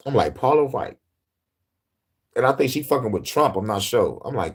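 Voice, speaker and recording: A man's voice: mid-range voice, very animated, moderate pace, pauses often, breathy edge. A man hosting a casual, profane monologue, laughing often and telling stories with animation. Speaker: host.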